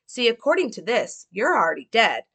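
A woman's voice: on the high side, sing-song, brisk, fairly bright tone, husky, heavily acted. A woman reading the lines of a playful, teasing palm reader from a film.

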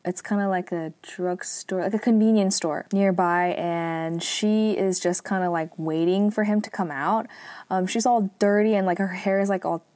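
A young woman casually retelling a TV drama episode, chatty and filled with "like" and "um", adding lively asides. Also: moderate pace, no room sound. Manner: chatty, heavy use of "like" and "um"; lively asides, acts out quotes in a higher voice. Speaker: drama recap vlogger.

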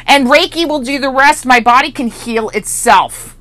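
A middle-aged woman coach telling a personal story in a casual, animated way, laughing often. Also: moderate pace, dry recording. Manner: animated and expressive, laughs often, rising to high excited peaks. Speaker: mindset and business coach.

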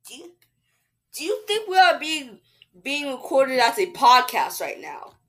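A woman hosting a casual podcast chat, giggly and playful, often breaking into squeals and shouts. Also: high-pitched, big pitch swings, a little slow. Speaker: podcast host.

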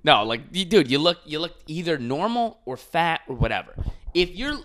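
A man's voice: on the high side, sing-song, normal speed, fairly bright tone, a little hiss or hum. A man, a comedian, hosting a casual podcast chat, ranting with profanity.

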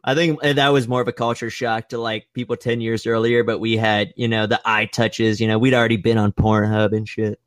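A young man casually telling a profane, playful story and acting out other people's voices with big jumps in pitch. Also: flat delivery, brisk, hardly any pauses, no echo, clean studio sound.

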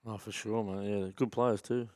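A man's voice: fairly low pitch, steady tone, moderate pace, darkish tone, dry recording, studio quality. A man, co-hosting a casual interview, blunt and joking and saying mate often. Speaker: podcast co-host.

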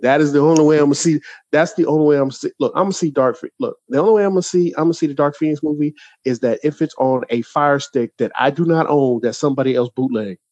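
A podcast co-host rants fast in a voice on the high side, with no echo in the recording. The man chats casually but animatedly, restarting his sentences many times.

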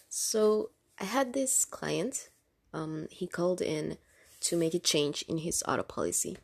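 A woman's voice: on the low side, gravelly, darkish tone. A woman with a non-US accent casually telling stories about her job taking insurance calls, chatty and laughing often, with many fillers and restarts. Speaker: insurance call agent telling work stories. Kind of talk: casual storytelling vlog.

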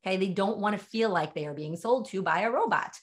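A woman's voice: medium pitch, fairly quick. A middle-aged woman leading a webinar on sales writing, talking in an emphatic, direct and conversational way. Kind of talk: webinar training talk.

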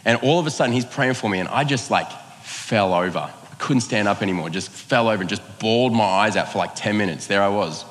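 Low-voiced male preacher, relaxed and conversational. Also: a little fast, long reverb tail. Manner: conversational, self-mocking, acts out quoted lines. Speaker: pastor. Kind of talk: sermon with personal storytelling.

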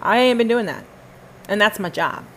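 A woman's voice: medium pitch, expressive, normal speed, a bit bright, slight background noise, rough recording. Fervent woman repeating herself for emphasis. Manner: talks to listeners and to God in turn. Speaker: podcast host. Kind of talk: casual spoken testimony.

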